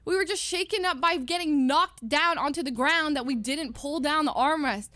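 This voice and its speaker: A young woman livestreamer telling a story in a casual, animated way, laughing often and acting out quotes in a higher voice. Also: moderate pace, no echo. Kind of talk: casual storytelling to stream chat.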